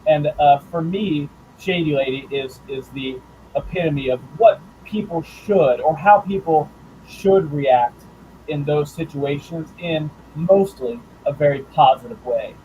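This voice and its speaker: A man who writes and draws comics, talking about his work in a casual interview, thoughtful and halting with fillers and restarts. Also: on the high side, dark tone, a little hiss or hum, low-quality recording. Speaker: comics writer and artist guest.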